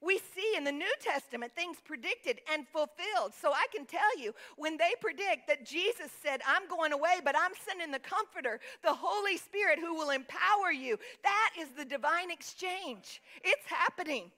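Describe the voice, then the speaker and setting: A woman's voice: extremely high pitch, expressive, moderate pace, hardly any pauses, bright, forceful tone. A woman preacher delivering an emphatic sermon, reading scripture and calling on the congregation to answer back. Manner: emphatic, calls for congregation responses; reads scripture aloud.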